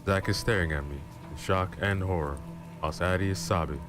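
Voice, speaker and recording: Guy with a super low voice reading a story slow and close up, music and rain going behind him. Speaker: storyteller streamer. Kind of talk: dramatic horror story reading. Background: background music and rain.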